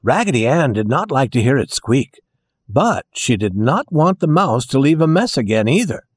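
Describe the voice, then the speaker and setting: Expressive man reading a children's story. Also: mid-range voice, moderate pace, husky, dry recording, clean studio sound. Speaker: narrator.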